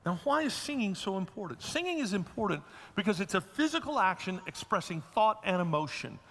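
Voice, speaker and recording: A man's voice: high voice, sing-song, fairly quick, a bit bright, big-room sound. A man preaching a sermon as a pastor, folksy and humorous, telling stories to his congregation.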